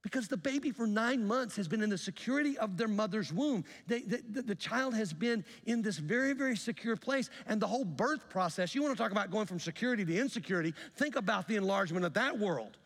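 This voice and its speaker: A middle-aged man preaching a sermon as pastor, telling a story, acting out the dialogue and swinging from loud to soft. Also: high-pitched, expressive, quick pace, few pauses, big-room sound. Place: church sanctuary.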